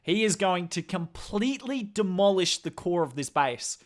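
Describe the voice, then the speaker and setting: A man's voice: sits high, moderate pace. A man with an Australian accent putting on an over-the-top, broad Aussie game commentator voice in a live stream. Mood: hyped. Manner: exaggerated broad accent, excitable.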